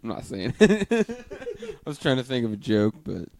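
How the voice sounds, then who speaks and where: A man's voice: mid-range voice, huge pitch swings, normal speed, darkish tone, a little hiss or hum. A man co-hosting a casual beer-tasting podcast, laughing often and reading labels aloud playfully. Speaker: podcast co-host.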